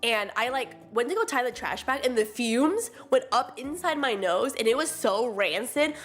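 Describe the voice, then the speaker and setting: Young female streamer, high-ish voice, animated storyteller, casual chat over soft music. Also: normal speed. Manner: animated storytelling, acts out quotes, laughs often. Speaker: VTuber streamer.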